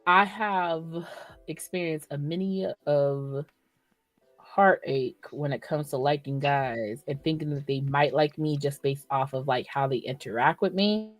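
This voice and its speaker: A woman's voice: sits low, dry recording. A female podcast co-host in casual chat, talking frankly and reacting with feeling. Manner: frank, expressive, quick to react.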